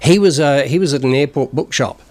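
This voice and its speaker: Speaking briskly in a mid-range, slightly mellow voice, this sixties-aged guest rambles and jokes through a casual chat at a community TV studio. He was born in the north of England but grew up in New Zealand, and his accent is mostly Kiwi with some northern English left in it.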